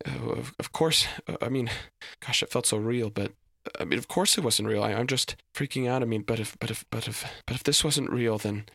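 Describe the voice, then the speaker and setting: A man's voice: medium pitch, brisk, vocal fry, fairly bright tone, no room sound, clean studio sound. A man voicing a frightened young woman who stammers and panics. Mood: panicked.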